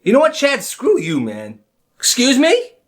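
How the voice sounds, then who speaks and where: A man's voice: on the high side, big pitch swings, unhurried, a little mellow. A man voicing a picked-on teenage boy who finally talks back to a bully, indignant and whiny.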